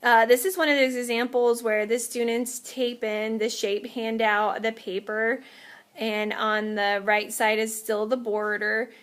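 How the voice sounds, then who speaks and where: A woman's voice: fairly high pitch, flat delivery, a little slow, fairly bright tone. A woman teaching an art lesson, explaining step by step while demonstrating on paper and sometimes moving away from the mic.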